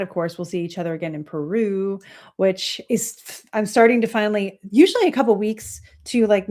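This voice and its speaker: In a mid-range voice, a woman in her thirties runs an astrology livestream. She talks with viewers in a loose, rambling way, full of fillers and quiet laughter.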